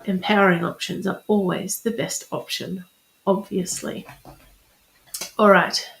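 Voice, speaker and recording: A woman's voice: mid-range voice, fairly even intonation, measured pace, creaky, a bit bright. A woman speaking as a spiritual reader and coach in a chatty, encouraging live-streamed talk, repeating affirmations. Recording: roomy echo.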